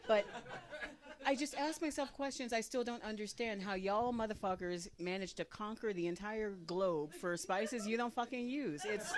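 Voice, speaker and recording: A woman in her forties performs stand-up from a live stage. Her delivery is brash and profane, and she punches each line out at a middling pitch. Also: fairly quick. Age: 40s. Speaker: stand-up comedian. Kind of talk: stand-up comedy set. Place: live comedy stage in front of an audience.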